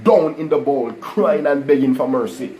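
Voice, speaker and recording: A man telling a personal testimony to a live online audience, animated and full of "guys" and "you know". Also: medium pitch, normal speed, low-quality recording. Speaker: livestream host telling his testimony.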